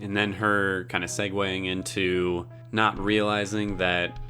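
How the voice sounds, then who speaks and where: A man's voice: low voice, flat delivery, a little slow, sharp tone, faint music behind. A man hosting a casual reaction and review video, emotional and rambling, swearing now and then. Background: show audio playing.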